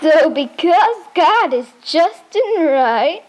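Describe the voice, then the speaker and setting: A woman voicing a gentle, sweet female sheep puppet in a children's puppet show, speaking earnestly. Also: very high voice, sing-song, slow, exaggerated voice.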